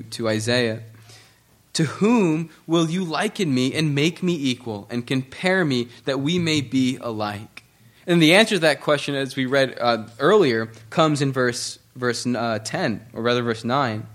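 A man's voice: medium pitch, a bit bright. A man preaching a sermon, reading scripture aloud in an earnest manner with frequent restarts. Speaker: pastor.

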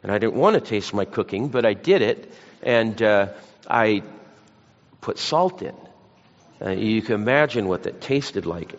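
A man's voice: lowish voice, animated, measured pace, pauses often. A man preaching a sermon, mixing scripture with folksy, self-deprecating stories. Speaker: pastor. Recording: lo-fi church hall recording.

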